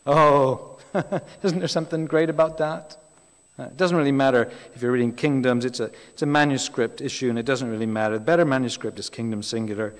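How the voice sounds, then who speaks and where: Give me a man preaching in a relaxed, conversational way, with a long hall echo behind him. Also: medium pitch, moderate pace. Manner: chatty, asides and questions to the congregation. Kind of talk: sermon. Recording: reverberant hall.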